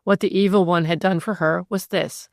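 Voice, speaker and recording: A woman narrates a classic mystery audiobook with a measured, even reading. Her voice sits on the lower side. The recording is dry and close. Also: creaky, no echo. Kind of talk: scripted narration.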